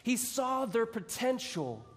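A man preaching a sermon, retelling a Bible story with animated storytelling and dramatic re-enactments. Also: extremely high pitch, takes it slowly, long reverb tail, soft background music.

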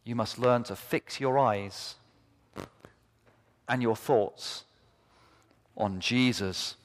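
Male pastor, mid pitch, unhurried, fervent sermon delivery, big reverberant sanctuary sound. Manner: impassioned, rising to fervent repeated cries. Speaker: preacher. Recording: long reverb of a large hall.

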